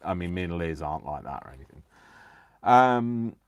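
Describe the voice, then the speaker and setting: He has a deep, expressive, smooth voice and talks at a normal speed. As host of a crafting livestream, he chats casually while making things, wandering off topic, giggling, and running himself down.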